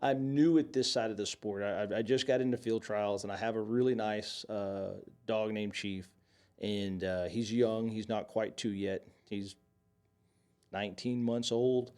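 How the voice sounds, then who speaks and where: A podcast co-host with a lowish, steady, darkish voice tells stories unhurriedly in casual chat. He rambles with many restarts but tells his stories animatedly.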